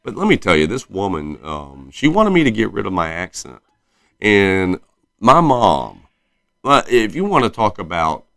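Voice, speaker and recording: Deep-voiced Southern man, rambling podcast chat. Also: gravelly, a bit bright, dry recording, studio quality. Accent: slight Southern US twang. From South Carolina. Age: 30s. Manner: rambling, self-correcting storyteller. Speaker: podcast host. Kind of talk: casual solo podcast chat.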